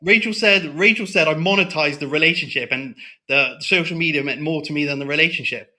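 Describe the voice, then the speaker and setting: A man's voice: a little high, brisk, sharp tone. A man talking as a guest in a casual interview, heated and blunt, swearing often and tagging lines with "right?".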